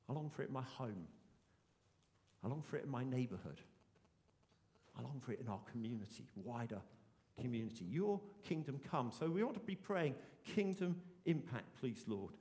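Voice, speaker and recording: A man's voice: medium pitch, darkish tone, in a large hall. A man, preaching a sermon in an earnest, emphatic way and repeating his key phrases. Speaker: pastor.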